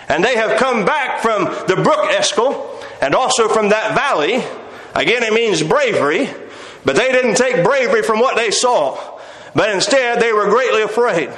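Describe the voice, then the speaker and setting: Speaking at an extremely high pitch with a fairly bright tone, a preacher quotes King James-style scripture and keeps calling his audience "my friends." The recording is rough, with a roomy sound.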